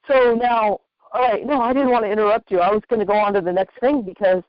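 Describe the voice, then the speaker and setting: An interview host talks in an easy, encouraging way and comes back to the same points more than once. The voice sits at a middle pitch. The sound is dull and lo-fi, dry with no room around it. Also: fairly even intonation, fast talker, dry recording. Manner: encouraging, conversational, repeats points. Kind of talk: casual interview chat.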